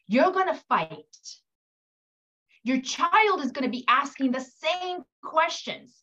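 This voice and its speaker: A high-pitched woman coaching an audience of mothers at a measured, unhurried pace. She speaks to the listeners directly and lively acts out the voices of parents and children. The recording sounds slightly dull and muffled. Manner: animated, acts out quoted voices. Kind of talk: coaching talk.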